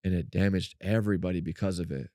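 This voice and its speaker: A man co-hosting a faith-based podcast, telling a personal story in an animated way and acting out what people said. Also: fast talker, no echo, studio quality. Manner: animated storyteller, acts out quotes in a high voice. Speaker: podcast co-host.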